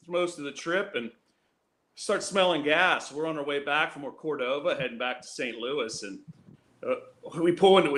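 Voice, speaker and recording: A man's voice: a little high, fairly bright tone. A man who races cars, telling a rambling, self-mocking road story with laughs over a video call. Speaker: guest drag racer.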